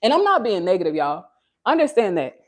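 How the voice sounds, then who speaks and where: A woman from Texas, USA, hosts a casual livestream from home on her phone, her voice a little fast with big pitch swings. She addresses her viewers directly in an earnest, preachy manner, and also uses high sing-song baby talk with her child.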